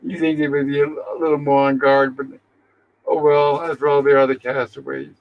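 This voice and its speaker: A man's voice: fairly high pitch, level tone, fairly quick, muffled recording, a little hiss or hum. A man hosting a casual show, retelling an episode's scenes in an easygoing way and reading characters' lines aloud. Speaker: host.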